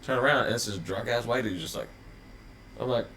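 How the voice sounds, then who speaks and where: A man's voice: medium pitch, brisk, fairly bright tone, a little hiss or hum. A man who is a guest musician on a podcast, chatting casually, laid-back and swearing freely. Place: podcast studio.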